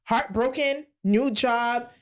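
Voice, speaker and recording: Woman, late 20s, podcast co-host; candid, animated storytelling with wide swings in tone. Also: takes it slowly. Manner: expressive storytelling with big jumps in pitch. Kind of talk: candid casual chat.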